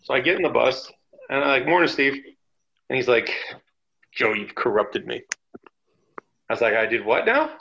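Gravelly, bright-voiced man telling stories. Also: medium pitch, fast talker, highs cut off. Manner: animated, chatty anecdotes. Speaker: podcast guest, former wrestler. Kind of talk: casual storytelling interview.

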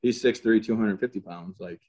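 An army veteran, a man, tells stories casually as an interview guest, animated and jokey, acting out quotes and gun sounds. His voice is lowish and he talks at a normal speed.

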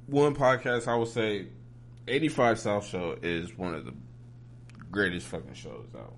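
Laid-back podcast host from Ohio. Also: male voice, lowish voice, measured pace, slight background noise. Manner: laid-back, slangy, repeats "you feel me". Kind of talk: casual podcast chat.

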